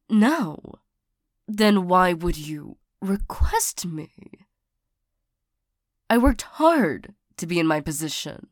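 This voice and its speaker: A hurt young bodyguard and former lover, voiced by a woman in an audio role-play, speaking very slowly in a lowish voice. She stammers, restarts and sighs often. The recording is close and dry. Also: big pitch swings, no room sound, heavily acted. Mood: indignant. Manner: halting, stammering, frequent sighs.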